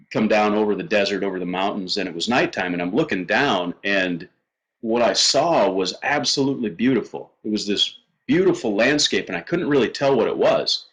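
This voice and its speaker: A middle-aged man telling a personal faith story as a guest, earnest and halting, with many fillers and restarts. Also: on the low side, fairly bright tone, low-quality recording.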